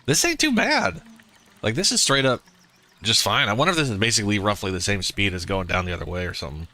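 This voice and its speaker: A man streaming a co-op game, giving casual, excitable commentary and joking reactions as he plays. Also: lowish voice, fast talker. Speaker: gamer streaming co-op.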